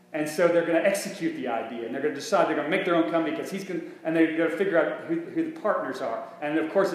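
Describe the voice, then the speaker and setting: A male minister preaching a conversational sermon, full of restarts and rhetorical questions. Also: fairly high pitch. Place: church sanctuary. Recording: very echoey church room with faint hum.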